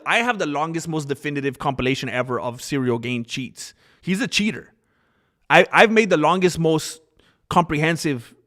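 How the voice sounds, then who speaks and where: A man hosting a casual livestream, giving opinionated, animated commentary and reading out chat messages. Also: fairly high pitch. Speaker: livestream host.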